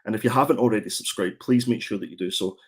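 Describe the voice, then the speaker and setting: A man's voice: fairly low pitch, fast, breathy edge. A man hosting a casual comics livestream, chatty and prone to repeating his words as he goes. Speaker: comic show host.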